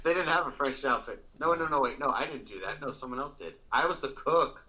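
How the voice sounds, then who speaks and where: A man's voice: medium pitch, a little fast, bright, forceful tone. A man co-hosting a podcast, laughing often as he reminisces in casual chat. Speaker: podcast co-host. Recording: dull lo-fi podcast audio.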